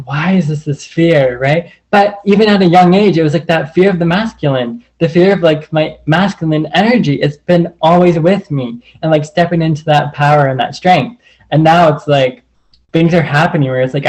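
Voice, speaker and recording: Man, raised pitch, casual personal sharing, rambling, filler-heavy, earnest. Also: a little mellow, poor audio. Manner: earnest and open.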